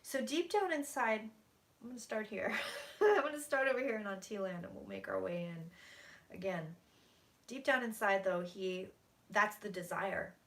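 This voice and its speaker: A woman's voice: mid-range voice, expressive, moderate pace, fairly bright tone. A woman psychic channeling on a live stream from her room, talking intensely, dropping to whispers and swearing freely. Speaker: psychic reader.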